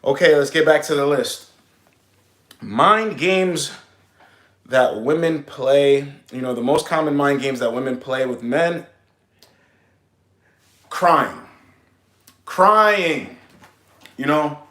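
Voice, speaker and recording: Blunt, emphatic male advice vlogger, bright tense tone, roomy echo. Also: a little high, slow, pauses often. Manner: blunt, emphatic, calls listeners bro. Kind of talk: casual advice monologue.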